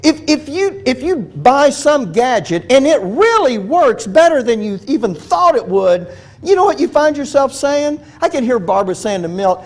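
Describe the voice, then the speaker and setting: High-voiced man teaching a Bible study. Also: sing-song, normal speed. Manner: chatty, restarts sentences, asks the audience questions; humorous storytelling.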